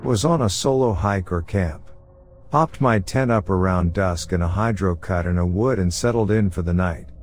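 A man narrating true scary stories sent in by listeners, in a steady, low-key storytelling manner. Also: moderate pace, slight background noise. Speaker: podcast narrator. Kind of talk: reading listener horror stories.

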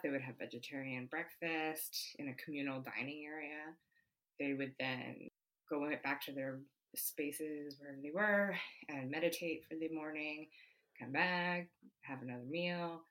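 Low-voiced, bright chatty woman. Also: poor audio. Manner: chatty, laughs often, many fillers. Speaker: podcast co-host. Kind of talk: casual chat.

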